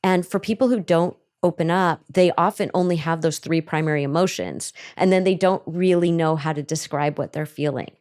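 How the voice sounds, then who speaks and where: A middle-aged woman therapist answering questions on a podcast, animated and acting out the voices she quotes. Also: low-pitched, moderate pace, hardly any pauses.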